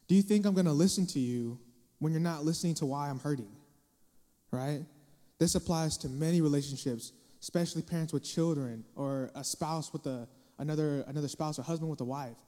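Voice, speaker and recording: A young man preaching a casual sermon into a microphone, dropping into acted-out quotes and sudden loud bursts for emphasis. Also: a little high. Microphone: microphone in a hall. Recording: long hall reverb.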